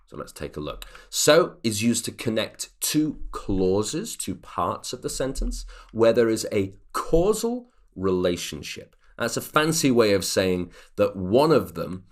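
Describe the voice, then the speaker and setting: A man teaching an English grammar lesson, explaining clearly and reading example sentences aloud. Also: fairly low pitch.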